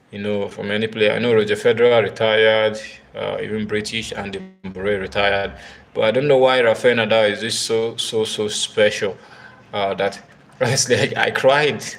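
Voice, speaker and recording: Gravelly-voiced man hosting a live stream. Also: fairly low pitch. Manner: halting, many fillers and repeated words; talks straight to viewers, asks for comments. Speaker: tennis live-stream host. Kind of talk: casual live-stream commentary.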